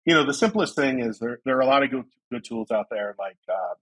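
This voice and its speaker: A man from Ohio talking as a guest on a podcast, explaining things in a loose, relaxed way full of fillers. His voice is mid-pitched and a bit husky. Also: fairly quick, poor audio. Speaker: guest, company founder. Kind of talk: casual interview chat.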